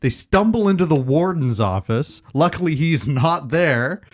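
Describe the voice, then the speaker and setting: A man's voice: a little high, animated, measured pace. A man guest on a casual podcast, rambling playfully and laughing as he explains a game.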